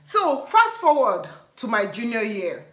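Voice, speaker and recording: A woman with a Nigerian accent telling a story on her vlog in an animated, laughing way. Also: a little high, unhurried. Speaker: vlogger. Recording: echoey room.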